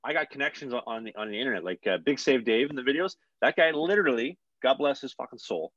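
A man's voice: medium pitch, fast talker, no echo, muffled recording. Young man telling a profane story. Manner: animated, swears freely. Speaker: guest, hockey player. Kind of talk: casual storytelling.

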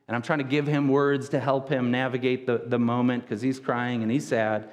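A pastor in his thirties delivers a casual, conversational sermon, often doubling back on his words. His voice sits at an ordinary mid pitch. The sound rings with the long reverb of a church hall. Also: flat delivery, normal speed. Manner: conversational, casual wording, frequent word repeats. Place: church sanctuary.

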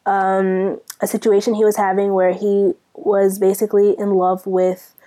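A woman's voice: medium pitch, level tone, a little slow, warm tone. A young woman from Sudan co-hosting a podcast, ranting in a casual, exasperated way full of rhetorical questions. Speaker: podcast co-host. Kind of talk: casual chat.

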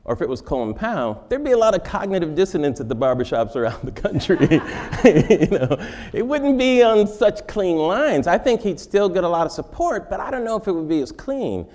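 A man's voice: high-pitched, sing-song, a little fast, a little mellow. A male comedian giving a wry comic lecture in a large forum, interviewing himself and laughing at his own jokes.

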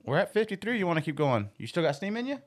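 A man hosting a podcast who chimes in with quick questions and comments in casual conversation. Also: sits high, very animated, a little hiss or hum. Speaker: podcast host.

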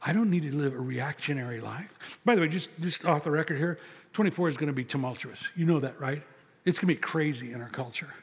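Older pastor with a husky voice. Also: male voice, on the high side, fast talker. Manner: conversational, storytelling, acts out dialogue. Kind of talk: sermon. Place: church sanctuary. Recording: long reverb of a large hall.

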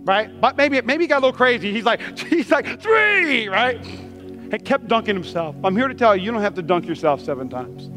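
High-voiced man preaching a sermon. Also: expressive, fast talker, few pauses, fairly bright tone, soft background music. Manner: emphatic, repetitive preaching with call-and-response. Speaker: pastor. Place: church.

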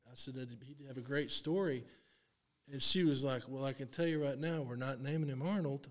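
Older guy in his 60s telling a story on a podcast, lively, does the voices, laughs a lot, long reverb on the room. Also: medium pitch, brisk. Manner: animated storyteller, acts out quotes, laughs often. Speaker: guest, long drive champion. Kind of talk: casual storytelling.

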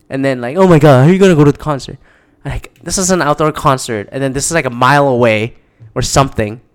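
A man in a casual, rambling monologue, exasperated and swearing often. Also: medium pitch.

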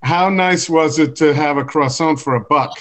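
A man hosting a podcast, asking questions in a halting way with many fillers. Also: on the high side, fairly bright tone. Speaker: podcast host. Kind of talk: casual podcast interview.

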